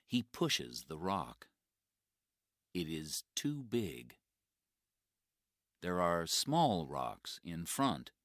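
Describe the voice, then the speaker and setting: Deep male narrator for learner stories, very slow and deliberate, wide expressive melody. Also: dry recording, clean studio sound. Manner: very slow and clearly spoken for learners. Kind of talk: graded-reader story narration.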